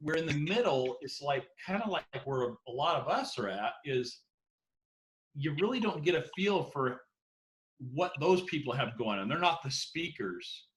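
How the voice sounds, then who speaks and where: A man's voice: a little high, big pitch swings, normal speed, low-quality recording. A man on a casual team video call, making an earnest, rambling point and often asking "you know what I'm saying".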